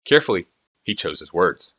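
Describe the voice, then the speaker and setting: A man's voice: deep voice, very animated, fairly quick, a bit bright, breathy edge. A man reading a fantasy novel aloud as a fan audiobook, telling the story expressively. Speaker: audiobook narrator.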